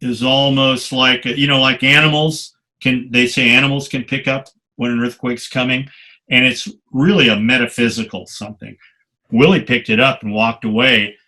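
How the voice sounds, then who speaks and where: Older male guest, vivid anecdotal storyteller with a bright, forceful tone. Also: mid-range voice, normal speed. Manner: animated anecdotes, salty language. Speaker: guest photographer. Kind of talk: storytelling interview.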